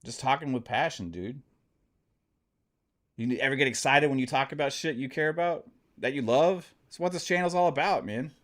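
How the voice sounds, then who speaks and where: A man in mid-range pitch hosting a live gaming stream, talking with heated passion. He swears freely and speaks straight to his viewers. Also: normal speed, fairly bright tone. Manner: impassioned, profane ranting; talks straight to the audience. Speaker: gaming channel host.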